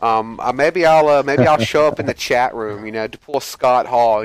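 A man's voice: medium pitch, normal speed, few pauses, clean tone, dry recording, soft background music. Jokey, boastful male podcast co-host. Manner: jokey, boastful trash talk. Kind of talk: casual chat.

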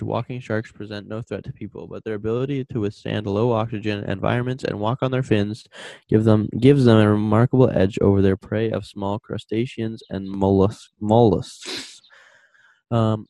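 A young man with a lowish voice reads a news story aloud on a joking podcast. He trips over words and backs up to fix them, and his voice sounds dry and close to the mic. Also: warm tone, dry recording, low-quality recording. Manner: reads articles haltingly, stumbles and corrects himself. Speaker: podcast co-host. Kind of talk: casual comedic chat, reading news aloud.

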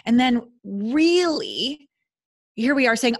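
A woman guest on an interview podcast, talking in an earnest, expressive, spiritual way with sudden bursts of emphasis. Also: medium pitch, moderate pace, dry recording, studio quality. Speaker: guest intimacy expert.

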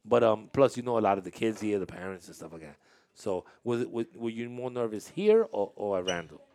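Lively, chatty male interview host. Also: lowish voice, brisk. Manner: chatty, animated storyteller who laughs and restarts often. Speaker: host interviewing young dancers. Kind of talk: casual interview chat.

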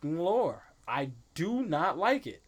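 A man's voice: a little high, big pitch swings, slow pace. A man chatting casually on a podcast, laughing often and talking in slangy bursts. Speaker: podcast guest. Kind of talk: casual chat.

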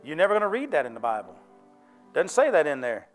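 High-voiced pastor preaching. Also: male voice, very animated, quick pace, faint music behind. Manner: folksy, conversational preaching with call-and-response questions. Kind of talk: sermon. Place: church.

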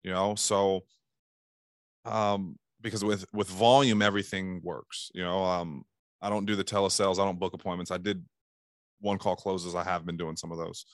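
A man's voice: deep voice, level tone, normal speed, dry recording, studio quality. A man giving casual sales coaching, talking animatedly and acting out phone calls in bursts. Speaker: sales trainer.

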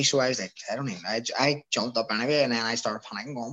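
A man's voice: mid-range voice, racing, fairly bright tone, husky, low-quality recording. A young Irish man, a guest, telling a rowdy anecdote in casual talk, swearing often and acting out what others said. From Ireland. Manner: swears freely, acts out quotes of others. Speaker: guest, former amateur boxer. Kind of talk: casual storytelling.

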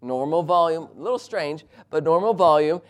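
A middle-aged man delivers a sermon, moving from a quiet prayer into a personal anecdote. His voice sits a little high for a man, and he tells the story with lively, animated energy, often chuckling as he goes. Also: normal speed. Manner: animated, laughs while telling a story. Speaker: preacher.

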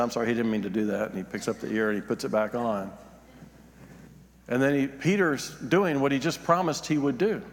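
Male pastor preaching, mid-pitched, reads scripture then explains it, lots of hall reverb. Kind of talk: sermon.

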